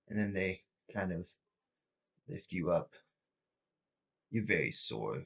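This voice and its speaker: A man running a tabletop horror game as host and game master, narrating with deliberate pauses. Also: sits low, very animated, vocal fry, a bit bright, husky, lo-fi sound.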